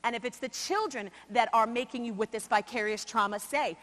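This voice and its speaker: High-voiced woman giving an impassioned keynote. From New York. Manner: expressive, shifts between loud emphasis and quiet slow asides. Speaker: conference speaker. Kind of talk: motivational keynote talk. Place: large conference hall. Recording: long hall reverb.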